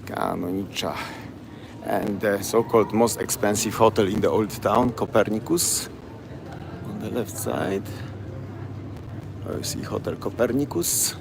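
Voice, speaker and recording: A tour guide with a Polish accent walks city streets at night for a live stream, chatting in broken English and repeating place names. His lowish voice is a little slow and carries vocal fry, with frequent pauses and street noise in the background.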